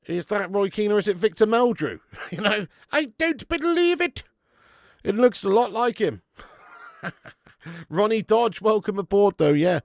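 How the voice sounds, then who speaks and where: A man's voice: sits high, normal speed, vocal fry, darkish tone, no room sound, studio quality. A man hosting a live football watch-along, reading the chat and chatting with viewers in a casual, sweary way, calling everyone mate and laughing often.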